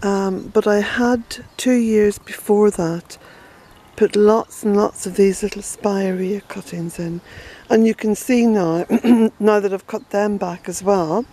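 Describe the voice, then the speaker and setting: Slow, mellow Irish woman on a garden walk. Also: mid-range voice, steady tone, low-quality recording. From Ireland. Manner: unhurried, fond and chatty, with outbursts of indignation. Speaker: smallholder and author giving a garden tour. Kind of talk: casual walking garden tour. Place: outdoors in a rural garden.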